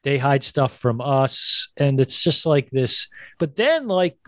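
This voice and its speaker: A middle-aged man co-hosting a casual chat, animated and quick to act out quoted voices. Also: no room sound, clean studio sound. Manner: animated, acts out quoted voices in a high pitch. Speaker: podcast co-host.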